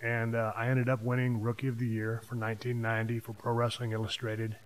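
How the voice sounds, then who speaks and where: A man, hosting a podcast and telling stories from his past in a casual monologue, hitting key words with sudden louder bursts. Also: medium pitch, completely flat delivery, a little fast. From Texas. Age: 50s. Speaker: podcast host.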